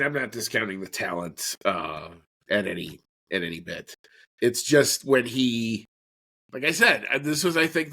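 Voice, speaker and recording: A man co-hosting a podcast, chatting in a relaxed, rambling way with fillers. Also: medium pitch. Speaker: podcast co-host. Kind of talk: casual chat.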